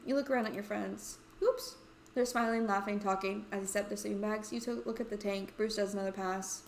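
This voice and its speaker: A woman's voice: mid-range voice, fairly even intonation, brisk, reverberant, a little hiss or hum. A woman playing and reading a story game aloud, with playful, chatty asides. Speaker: let's play host.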